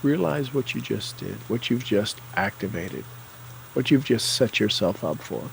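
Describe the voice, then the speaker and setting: A man leading a guided tapping session, calling out tapping points and repeating affirmations with slow, deliberate coaching cues. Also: fairly low pitch, sing-song, vocal fry, slight background noise, poor audio.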